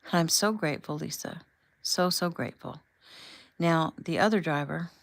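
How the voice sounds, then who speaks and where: A woman reading the lines of a tender, reassuring husband in a gentle, soothing way. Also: deep voice, moderate pace, gravelly, no room sound.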